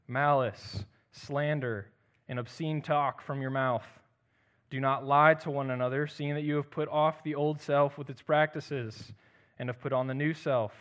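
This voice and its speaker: A young man delivers a sermon in a slightly higher-than-average voice. He reads scripture and then preaches, lifting his voice on key phrases and dropping low and quiet at the ends of lines.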